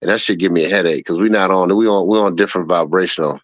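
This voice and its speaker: A man's voice: deep voice, fast, dry recording, lo-fi sound. A man hosting a livestream and reading chat aloud, laughing often, repeating himself and scolding a viewer. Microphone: streaming setup mic.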